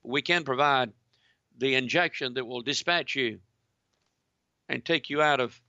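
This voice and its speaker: A man preaching in an emphatic way, reading out articles and talking straight to his listeners as "ladies and gentlemen". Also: mid-range voice, measured pace, no echo, dull audio. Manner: emphatic, repeats phrases, addresses the audience directly. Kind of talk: sermon-style commentary reading articles.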